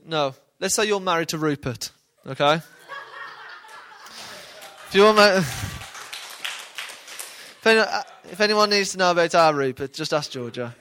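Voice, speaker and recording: A man's voice: high voice, fairly bright tone. A man giving informal Bible teaching in a conversational way, often checking in with his listeners. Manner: conversational, questioning the audience.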